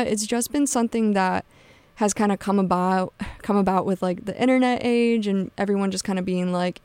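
A woman's voice: medium pitch, darkish tone, clean tone, dry recording. A young woman hosting a college radio show, talking loosely and casually with lots of fillers. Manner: chatty, loose, many fillers and "like"s. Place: radio studio.

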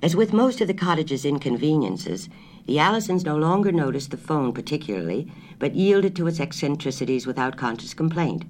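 Storybook narrator; measured, expressive reading with an animated, shifting pitch. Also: slight background noise. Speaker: audiobook narrator.

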